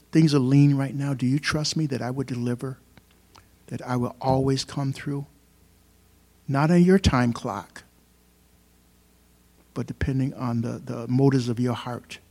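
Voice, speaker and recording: A man's voice: mid-range voice, dark tone. A man preaching a sermon to a congregation, in a conversational way, asking the listeners questions and rising sharply on key words. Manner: conversational preaching with rhetorical questions and emphatic rises. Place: church service.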